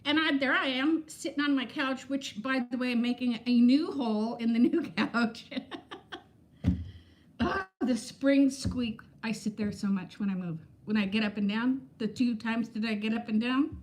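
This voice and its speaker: A woman's voice: a little high, normal speed. A woman in her fifties chatting candidly on a casual livestream, rambling from thought to thought and greeting viewers by name. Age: 50s. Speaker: vlogger.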